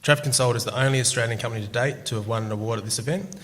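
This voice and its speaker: A man's voice: medium pitch, very fast, fairly bright tone. A man introducing the next speaker at an event, reading out credentials with a few hesitations. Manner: reads credentials, hesitant fillers. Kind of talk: formal introduction. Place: large conference room. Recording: reverberant hall with faint noise.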